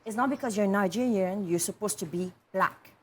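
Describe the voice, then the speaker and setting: A woman being interviewed as a guest on a TV chat show, telling lively stories and laughing often. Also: medium pitch, brisk, a little hiss or hum. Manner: animated storyteller, laughing often. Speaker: guest actress and model.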